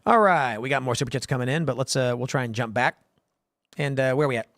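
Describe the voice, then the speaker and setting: A man's voice: mid-range voice, fast, fairly bright tone, no room sound, studio quality. A man hosting a livestream show, rambling through viewer comments and joking asides in a casual way. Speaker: host.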